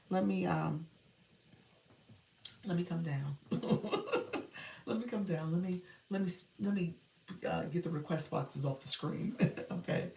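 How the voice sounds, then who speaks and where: A woman's voice: fairly low pitch, creaky, echoey room, distant mic. A woman coaching on a livestream in casual chat, reading comments, laughing often and thanking viewers by name.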